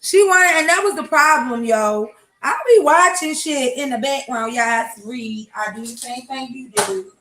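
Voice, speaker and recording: A woman's voice: high voice, measured pace, a crowd in the background. A woman hosting a casual morning livestream from home, ranting bluntly and profanely while talking to her chat. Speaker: livestream host. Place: home, kitchen. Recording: echoey room with faint noise.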